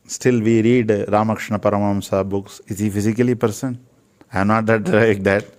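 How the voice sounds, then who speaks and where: Older man, Indian English accent, low voice, earnest guest sharing wisdom. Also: steady tone, fairly quick, a little mellow. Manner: preachy, repeats phrases for emphasis. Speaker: Ayurvedic physician interviewed as guest. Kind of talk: earnest spiritual talk.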